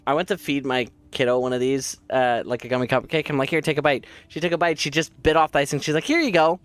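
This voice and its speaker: A man's voice: mid-range voice, steady tone, fast, smooth, no echo. A man streaming a game, chatting casually and rambling with his viewers while his throat keeps catching. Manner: rambling, chatty, talks to chat. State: scratchy throat, coughing and clearing throat. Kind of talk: casual gaming stream chat.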